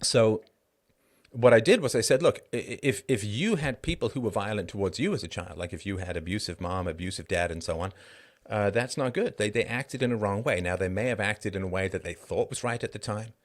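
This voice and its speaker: A middle-aged man, a guest in an interview, arguing his point emphatically with quick asides and restarts. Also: lowish voice. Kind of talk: conversational interview monologue.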